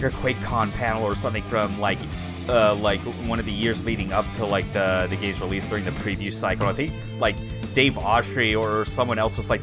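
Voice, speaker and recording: A man hosting a let's play, chatting casually in a rambling way, with lots of filler words and frequent laughs. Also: lowish voice. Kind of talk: casual gameplay commentary. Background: game music.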